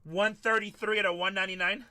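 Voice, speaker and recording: Male live card-break host with a high, sharp voice and a chatty, bantering manner. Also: fairly even intonation, a little hiss or hum. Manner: chatty banter with viewers, quick apologies. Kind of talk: casual live-stream chat.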